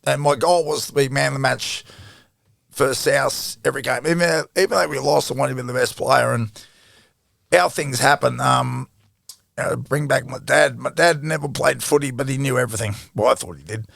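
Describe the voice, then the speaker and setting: A middle-aged Australian man with a heavily gravelly, fry-laden voice spins a casual yarn, swearing freely and chuckling between stories. The sound is dry and close, with no room around it. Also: medium pitch, steady tone, moderate pace, a bit bright, dry recording. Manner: swears freely, laughs through his stories. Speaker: guest, former rugby league player. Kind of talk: casual storytelling interview.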